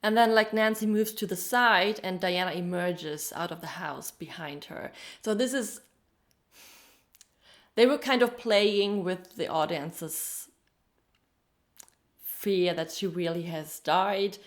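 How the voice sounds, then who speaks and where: A woman's voice: lowish voice, takes it slowly. A woman co-hosting a podcast, reviewing a TV episode in casual chat, with frequent ums. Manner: chatty, frequent ums, laughs while telling details. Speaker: podcast co-host.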